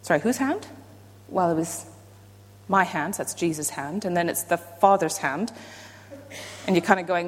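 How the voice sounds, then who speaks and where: A woman preaching a sermon, playful and self-deprecating, with animated emphasis. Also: on the low side, moderate pace, pauses often, a little hiss or hum. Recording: long hall reverb.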